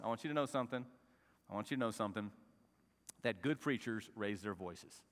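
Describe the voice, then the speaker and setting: A man preaching a sermon as pastor, shifting from soft conversational talk to raised, shouting passages and asking the congregation to repeat phrases. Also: mid-range voice, expressive, normal speed, long reverb tail.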